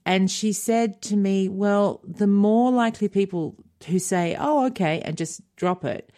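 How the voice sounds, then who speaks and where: A woman's voice: lowish voice, dark tone. A middle-aged woman co-hosting a podcast, chatting casually, laughing often and retelling conversations. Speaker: podcast co-host. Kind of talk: casual chat.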